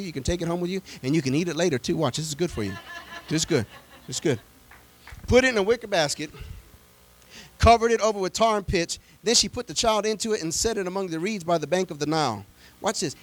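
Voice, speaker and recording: A man preaching with a high voice, retelling a Bible story with lively animation. He acts out the people in the story as he goes and builds up to shouted praise. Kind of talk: sermon.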